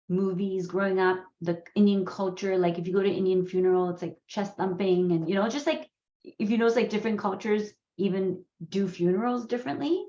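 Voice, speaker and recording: Woman, native Gujarati speaker, animated storyteller, echoey room, slightly muffled audio. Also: mid-range voice. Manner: candid, animated storytelling with frequent laughs. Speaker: parenting course host. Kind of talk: conversational course talk. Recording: roomy, slightly dull sound.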